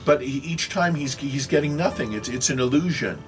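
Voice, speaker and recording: A man's voice: medium pitch, lively intonation, moderate pace, soft background music. A man in his sixties giving a rambling video lecture, often losing his thread and apologizing. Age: 60s. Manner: rambling, self-correcting, apologetic asides. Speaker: religious video teacher.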